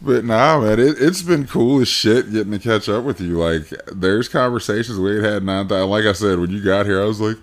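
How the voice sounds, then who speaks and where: A man's voice: on the low side, brisk, few pauses. A man hosting a podcast, chatting casually with an old friend, swearing freely and acting out quoted lines with lots of laughter. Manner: profane, laughing, acts out quotes. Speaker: podcast host. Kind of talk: casual chat.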